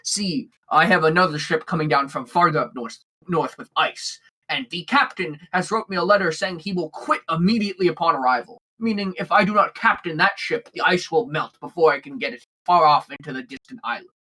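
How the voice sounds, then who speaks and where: A man's voice: fairly high pitch, brisk, hardly any pauses, bright, forceful tone, slightly rough, low-quality recording. A man voicing a portly, friendly male orc who owns a ship, talking eagerly and politely with lots of hesitations. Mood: explaining. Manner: eager, courteous, stammering.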